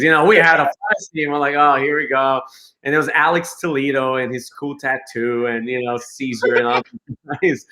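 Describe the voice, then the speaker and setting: A man chatting as a guest, telling an anecdote with lots of energy. His voice is bright and forceful at a medium pitch. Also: normal speed. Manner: animated storyteller, enthusiastic. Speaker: guest, company co-founder. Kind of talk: casual interview chat.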